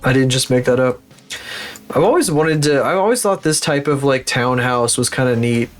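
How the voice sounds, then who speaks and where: A man's voice: mid-range voice, expressive, moderate pace. A man chatting casually on a livestream, rambling, swearing freely and laughing at his own stories.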